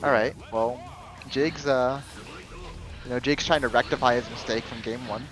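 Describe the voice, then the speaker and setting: A man casually commentating a fighting game tournament match, chatty with lots of fillers and quick reactions. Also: mid-range voice, steady tone, over music, poor audio. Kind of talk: casual live esports commentary.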